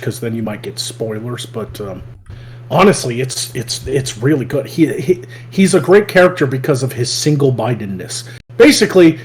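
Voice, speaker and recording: A man's voice: medium pitch, a little mellow. A man chatting casually and enthusiastically, rambling and laughing often as he explains things. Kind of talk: casual chat.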